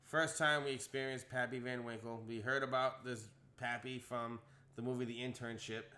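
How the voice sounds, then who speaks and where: Young male co-host, bright tone, mid pitch; animated storyteller who acts out every quote. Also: normal speed. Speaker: podcast co-host telling a story. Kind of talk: casual storytelling chat.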